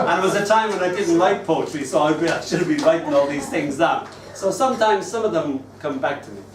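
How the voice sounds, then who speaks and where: A man in his sixties reads his poetry at an open mic, telling stories with wistful, gentle humour. His voice sits slightly high and comes from some way off the mic. The room is roomy and echoing, with a faint ambient hum. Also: brisk, distant mic. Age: 60s. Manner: wistful, gently humorous storytelling. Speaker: poet and open mic host. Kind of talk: live poetry reading. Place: live open mic venue.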